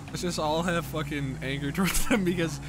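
A young man streaming a roleplay game with friends, shouting, laughing and swearing at other players over a headset mic. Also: on the high side, noisy background. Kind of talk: excited gaming chat with friends. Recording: game sounds loud behind voice.

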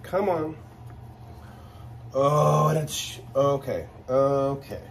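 A man chatting casually while unboxing luxury items, gushing and exclaiming with excitement. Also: medium pitch, very slow, creaky, noisy background.

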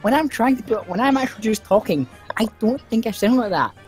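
A man's voice: high-pitched, lively intonation, fast talker, faint music behind. A man bantering in a voice chat, rambling and cutting himself off, swearing casually. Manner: rambling, self-interrupting, swears. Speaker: voice chat guest. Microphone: voice chat headset.

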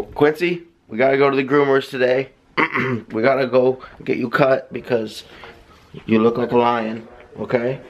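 A man's voice: mid-range voice, slight background noise. A man vlogging casually while getting over an illness, talking playfully to his dog in a coaxing way. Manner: lively, playful coaxing talk to a pet.

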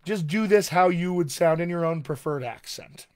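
Teaching a voice lesson over a live stream, a dialect coach with a fairly high, slightly mellow voice keeps things chatty and supportive. For the repeat-after-me drills he slows right down.

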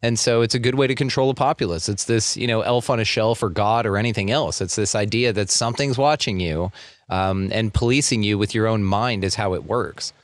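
Low-voiced reflective male podcast host. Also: fairly quick, no room sound, studio quality. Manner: reflective, profane, rambling. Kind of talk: casual podcast chat.

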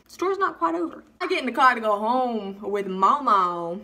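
A young woman vlogger telling a funny storytime, animated and freely swearing. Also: fairly high pitch, normal speed. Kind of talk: storytime vlog.

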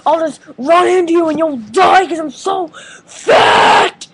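A young-sounding voice doing a boastful fat male turtle king villain from a game, shouting and bragging, recorded with faint noise behind. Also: extremely high pitch, slow, voice pushed up, full character voice.

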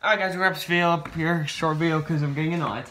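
A man hosting a casual vlog, his voice bright and rather high for a man. He jokes but sounds worn thin by the pestering, heard from a distance in an echoey room with faint background noise. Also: steady tone, racing. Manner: exasperated, joking. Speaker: vlogger host.

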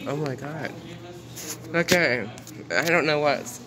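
A man's voice: medium pitch, lively intonation, unhurried, a crowd in the background. A man giving casual commentary while reading news headlines aloud, exclaiming often and repeating himself in outrage. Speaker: commentary vlogger.

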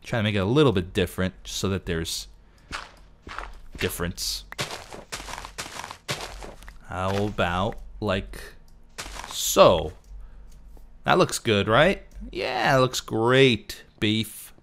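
A man's voice: on the low side, animated, takes it slowly, gravelly, long pauses, fairly bright tone, slight background noise. A man casually narrating his own gameplay, talking to himself as he builds and fusses over details. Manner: chatty, talks to himself while building. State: losing his voice. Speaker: let's play host.

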